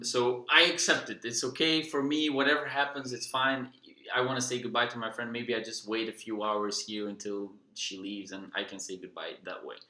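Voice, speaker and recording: A man recounts a personal story for his vlog in a relaxed, unhurried manner, often pausing with fillers and restarting his sentences. His voice is bright and clear, and it carries a noticeable room echo. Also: mid-range voice. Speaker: vlogger. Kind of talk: casual storytelling.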